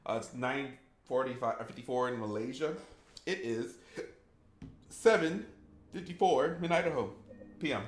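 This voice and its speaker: Guy streaming a game n chatting w his viewers, roomy echo, mid pitch. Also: moderate pace, a little hiss or hum. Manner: chatty, reacts to chat with laughs. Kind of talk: casual game stream chat.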